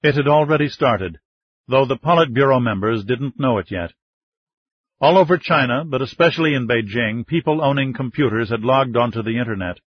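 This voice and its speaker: A man narrating an audiobook thriller in a steady, measured way. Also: mid-range voice, breathy edge, dry recording, highs cut off.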